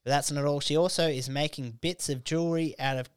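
A man's voice: on the high side, fairly even intonation, brisk, smooth. Crude man hosting a podcast. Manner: loose, swearing, laughing storyteller. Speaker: podcast host. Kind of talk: crude comedy chat.

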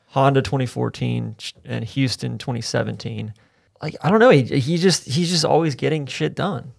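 A man with a gravelly, creaky voice chats casually on a podcast. He reels off facts and numbers in an easy, offhand way. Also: mid-range voice, moderate pace. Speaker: podcast co-host. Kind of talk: casual chat.

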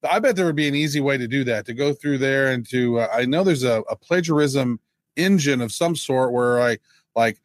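A man co-hosting a podcast in casual chat, animated and joking, slipping into mock voices when quoting people. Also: medium pitch, brisk, no echo. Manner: animated, joking, mimics others in quotes. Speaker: podcast co-host.

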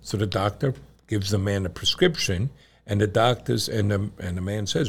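A middle-aged father co-hosting a casual show, an animated storyteller who laughs often. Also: lowish voice, normal speed, husky. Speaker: podcast co-host and father. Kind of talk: casual chat and joke telling.

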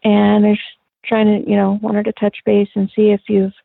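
A middle-aged woman with a husky, gravelly voice tells a personal story softly and haltingly, with many pauses and fillers. Her pitch stays flat and even. The sound is thin and tinny, like a phone line, and dry. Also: no room sound. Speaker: interview guest.

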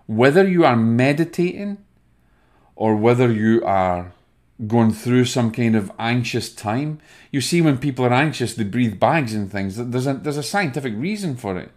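A man with a Scottish accent hosting a spiritual podcast, calmly guiding listeners through a breathing exercise. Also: mid-range voice, normal speed. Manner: soft, soothing, guiding breathing. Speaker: podcast host, medium. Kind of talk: spiritual self-help talk.

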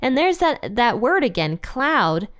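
A woman's voice: a little high, big pitch swings, unhurried, no echo, studio quality. A young adult woman hosting a casual Bible teaching podcast, chatty and thinking aloud with fillers and guesses.

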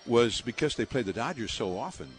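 A man's voice: medium pitch, brisk. An older male baseball broadcaster from the San Francisco Bay Area, telling stories in an interview with lots of laughter. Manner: lively anecdotes, laughing often, with many fillers. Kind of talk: storytelling in an interview.

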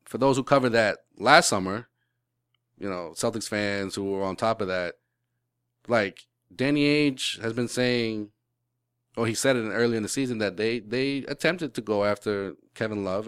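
A sports podcast co-host with a fairly low, clear, resonant voice chats casually at a moderate pace. He rambles in an animated way, swears, and keeps restarting sentences. The recording is dry, with clean studio sound.

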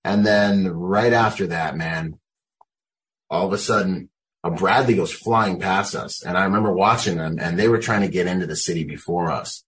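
A man in his forties, a Marine combat veteran and interview guest, telling animated war stories on a video call from home and dropping "man" and "you know" throughout. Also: sits low, normal speed. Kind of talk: casual storytelling on a video call.

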